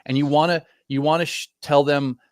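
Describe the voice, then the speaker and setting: A man's voice: a little high, steady tone, brisk, no echo, studio quality. A middle-aged man, a guest trader, talking casually in a reflective, rambling way that corrects itself often. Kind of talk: casual chat.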